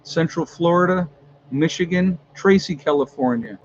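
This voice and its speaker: A man's voice: on the high side, normal speed, highs cut off, a little hiss or hum. A man hosting a casual livestream from home, chatting with his viewers and filling his talk with ums and uhs. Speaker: livestream host.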